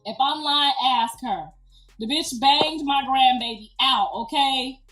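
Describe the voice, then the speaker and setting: Middle-aged woman, high voice; emphatic, profane storyteller; distant mic in a reverberant room. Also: slow pace. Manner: animated, emphatic, profane, slangy. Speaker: grandmother telling a birth story. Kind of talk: casual storytelling. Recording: echoey room, distant mic, faint music.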